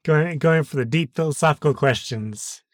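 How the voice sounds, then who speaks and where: A man's voice: on the high side, normal speed, no echo, studio quality. A man co-hosting a podcast in casual chat, improvising freely without a script. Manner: laid-back, improvising freely. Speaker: podcast co-host.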